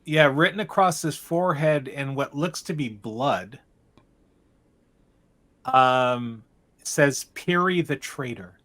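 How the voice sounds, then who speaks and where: Male game master, mid-pitched voice, loose narration full of restarts, tabletop session. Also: fairly bright tone. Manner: meandering, halting narration with frequent restarts.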